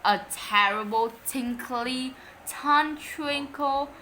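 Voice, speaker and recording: A woman reading a children's storybook aloud in English, lively and expressive, Vietnamese native speaker. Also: sits high, extremely slow, slight background noise, poor audio. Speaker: story reader.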